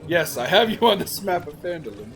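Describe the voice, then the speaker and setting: A man narrating as game master in a relaxed, laughing way, full of casual fillers. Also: fairly high pitch, brisk.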